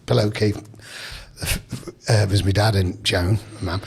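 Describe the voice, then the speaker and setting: Husky-voiced man in his sixties reminiscing. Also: on the low side, animated, moderate pace. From England. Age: 60s. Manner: rambling, chatty, with restarts and asides. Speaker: podcast guest. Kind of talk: casual storytelling.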